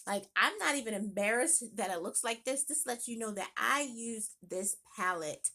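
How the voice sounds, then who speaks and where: A woman chatting casually in a home makeup vlog, thinking aloud with quick exclamations. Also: a little high, expressive, noisy background. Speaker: beauty vlogger. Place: home room.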